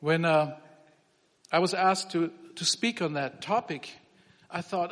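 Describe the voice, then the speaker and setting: High-voiced male preacher in a reverberant hall. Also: measured pace, long pauses, fairly bright tone. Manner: conversational, restarts phrases. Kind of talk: sermon with humor.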